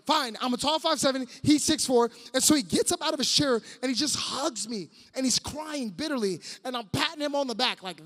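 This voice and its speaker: A man in his thirties giving an animated, joking sermon to students, sometimes breaking into shouts. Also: very high voice. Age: 30s. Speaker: youth speaker. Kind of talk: comic sermon storytelling. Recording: long hall reverb.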